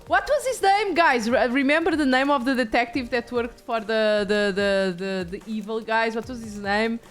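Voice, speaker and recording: A woman's voice: fairly high pitch, normal speed, faint music behind. A woman streaming a video game, chatting casually with viewers, rambling and swearing offhand.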